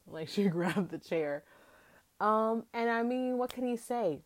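A young woman hosting a podcast, recapping a reality show in a chatty, animated way and acting out quotes from the cast. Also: mid-range voice, measured pace, dry recording. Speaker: podcast host. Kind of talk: casual recap chat.

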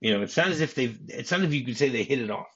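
Man, podcast host, husky voice, muffled recording, rambling restarts. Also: mid-range voice, lively intonation, very fast, a bit bright. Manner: rambling, many restarts, acts out lines. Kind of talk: casual movie discussion.

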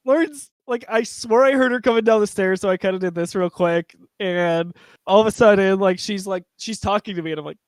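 A man's voice: sits high, a little fast, smooth, dry recording. A man co-hosting a movie podcast, chatting casually and laughing through his stories. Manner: chatty, apologetic, laughs while telling a story. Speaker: podcast co-host. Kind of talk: casual chat.

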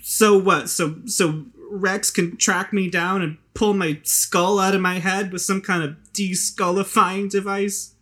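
GM putting on a hopeless young woman, drunk and cursed: high, halting, self-pitying, keeps repeating herself. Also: flat delivery, sharp tone, husky. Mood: despairing.

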